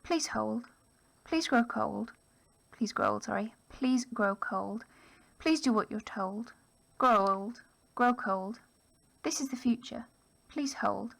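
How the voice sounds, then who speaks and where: A woman reading a poem's lines for a polite male automated phone robot that repeats its menu phrases flatly. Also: fairly high pitch, slow, vocal fry, pauses often, exaggerated voice. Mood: politely scripted. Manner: flat, repetitive recorded-menu phrasing.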